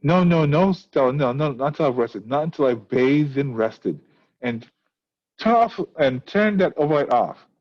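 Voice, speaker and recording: A man reading aloud the lines of a vain, nervous older Southern woman from a script, in a rushed, flat way. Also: medium pitch, dull audio, natural voice.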